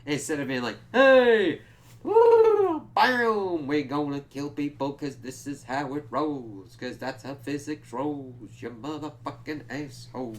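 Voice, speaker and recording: A man's voice: mid-range voice, fairly even intonation, moderate pace, few pauses, a little hiss or hum. Profane, exasperated man ranting. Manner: profane, exasperated ranting with sudden loud outbursts. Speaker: reviewer. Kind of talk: casual spoken TV episode review.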